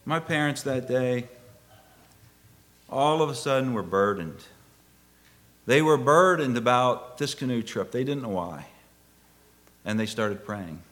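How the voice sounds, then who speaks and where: A middle-aged man preaching a sermon through a personal story, his pitch leaping and falling with lively expression. He drops to hushed tones, then rises to loud, exclaiming peaks. His voice has a bright, forceful edge. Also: measured pace, long pauses.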